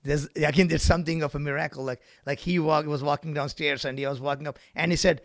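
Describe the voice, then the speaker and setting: A middle-aged man from India delivers a sermon in a slightly high, gravelly voice, recorded dry and close. He drops to quiet, reflective asides, then surges into loud, emphatic exclamations. His preaching rolls in repeated phrases with frequent calls of "amen?". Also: fairly even intonation, fast, dry recording. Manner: repetitive, rhythmic preaching with frequent "right?" and "amen?". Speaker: guest preacher.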